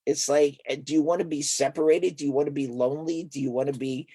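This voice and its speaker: An older man with a husky, somewhat high voice tells stories as a therapist in an interview. He acts out each character's lines as he goes. The sound is dry and close, with no room around it. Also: fast talker, no room sound. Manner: animated storyteller who acts out quoted dialogue. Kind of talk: conversational storytelling in an interview.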